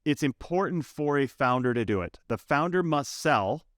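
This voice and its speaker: A male sales coach talks in a podcast interview, emphatic and animated as he tells his stories. His voice sits at an ordinary middle pitch. The sound is close and dry, with no room around it. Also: normal speed, no echo. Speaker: software sales coach, guest.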